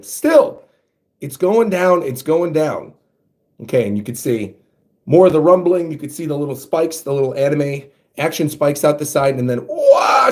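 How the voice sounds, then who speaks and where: A man hosting a casual reaction, thinking out loud as he reads panels aloud. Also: a little high. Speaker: manga reaction host.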